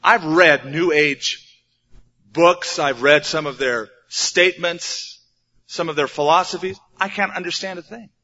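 A man's voice: a little high, unhurried, sharp tone. A man preaching a sermon as a pastor, plain-spoken and conversational, asking the audience rhetorical questions. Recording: dull lo-fi recording.

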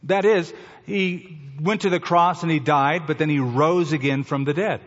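Preaching man in a reverberant hall. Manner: slows down for emphasis, drops to a soft low voice at key phrases. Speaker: pastor. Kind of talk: sermon. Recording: dull sound with long hall reverb.

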